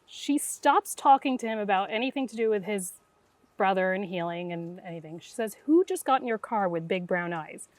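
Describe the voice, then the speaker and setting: Her voice sits in the mid-range and moves at a moderate pace, recorded with no echo. A middle-aged woman appearing as a guest intuitive, she shares her story animatedly, voicing each person she quotes.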